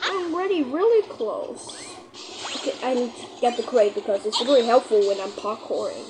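A woman giving live commentary over her own gameplay, excitable and panicky, repeating herself and shouting countdowns when the clock runs down. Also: a little high, noisy background. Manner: repeats phrases rapidly under pressure. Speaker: gaming channel host.

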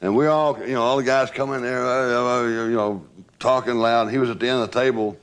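Older man, casual storytelling, rambling, repeats words, mid-pitched voice. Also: steady tone, brisk, smooth. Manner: rambling, repeats words, laughs while telling. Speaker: former entourage member telling stories.

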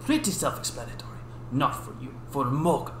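A man's voice: medium pitch, expressive, brisk, creaky, reverberant, slight background noise. A man co-hosting a casual mail-opening video, reading fan letters aloud in a playful way. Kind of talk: casual chat.

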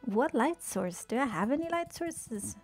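Woman streamer talkin to chat, kinda high voice, swears a lot, laughs at herself, bit of game music in the back. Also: animated, measured pace, breathy edge. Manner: swears often, exclaims in frustration; chatty, reads chat aloud and answers it. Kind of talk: casual gameplay commentary.

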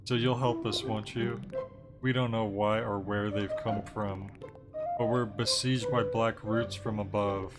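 A man voicing a fussy, regal female bug queen, reading game dialogue aloud in a slow, drawn-out, doting way over game music. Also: fairly low pitch, steady tone, natural voice.

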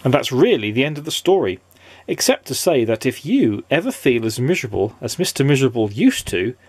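A man's voice: medium pitch, big pitch swings, fairly quick, breathy edge, dry recording. A father reading a children's story aloud in a playful, sing-song way.

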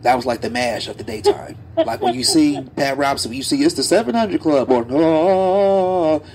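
A man co-hosting a podcast, telling stories in a loose, animated way with plenty of slang and asides. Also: medium pitch, a little fast, a little hiss or hum. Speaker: podcast co-host. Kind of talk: casual podcast chat.

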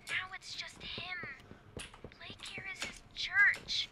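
A woman voicing an eager young helper who guides the player, talking in an urgent, hushed way. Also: very high-pitched, flat delivery, slow pace, a little hiss or hum, exaggerated voice. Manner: urgent, hushed, whispering at times. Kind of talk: video game voice acting.

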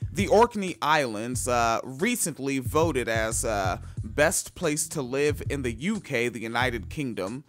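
A man hosting a podcast, reading a news article aloud in a halting way, full of fillers, and breaking off into loud, profane asides. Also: medium pitch, animated, soft background music. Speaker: podcast host.

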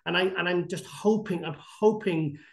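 A man with a high-pitched voice talks in a podcast interview. He rambles through lively anecdotes, restarting sentences and filling gaps with "um" and "you know.". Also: moderate pace. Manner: animated, rambling anecdotes with many fillers and restarts. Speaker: bodybuilding guest expert.

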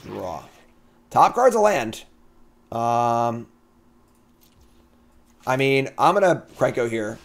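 A man streaming a card game, thinking aloud through his plays and breaking into excited outbursts as he talks to chat. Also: medium pitch, takes it slowly, gravelly, pauses often. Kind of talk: casual gameplay commentary.

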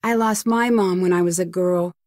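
An actress playing a calm, inquisitive young female detective in a video game, asking steady, polite, probing questions. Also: on the low side, normal speed, no room sound, studio quality, natural voice.

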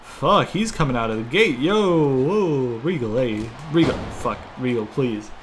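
A man's voice: mid-range voice, expressive, moderate pace, music in the background. Rambling, profane gamer man. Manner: rambling, profane, reacting loudly to the game. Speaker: gaming channel host. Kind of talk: casual gameplay commentary. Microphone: desk microphone.

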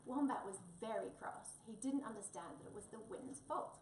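A woman reads a children's story aloud in an expressive, lilting way, her voice sitting fairly high. She sounds set back from the mic in an echoey room, with a faint background hum. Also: moderate pace, distant mic.

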